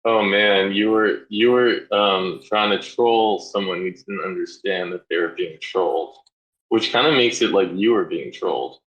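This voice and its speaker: A man's voice: sits low, normal speed, a bit bright, lo-fi sound. A man in a casual chat who jokes in a dry, wry way.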